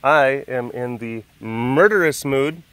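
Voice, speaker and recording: A man voicing the inner thoughts of a haughty female big cat in a quick, deadpan delivery. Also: medium pitch, no echo. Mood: grumpy.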